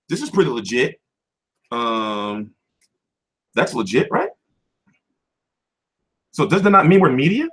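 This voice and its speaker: A man's voice: mid-range voice, big pitch swings, slow pace, long pauses, a bit bright, slightly rough. A young man hosting a boxing channel, answering viewers in a heated, profane livestream chat.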